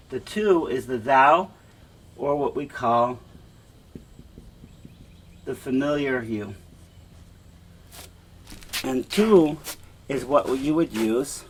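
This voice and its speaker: A man teaching a Spanish class, slowly repeating verb forms for students to echo. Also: medium pitch, slight background noise. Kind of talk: classroom lesson with drills.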